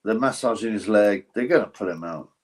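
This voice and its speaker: A man's voice: lowish voice, a little fast. A man hosting a live stream, giving blunt, ranting commentary on a boxing event and reading out viewer donations. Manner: blunt, ranting, chuckling asides; reads viewer donations aloud. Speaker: livestream host.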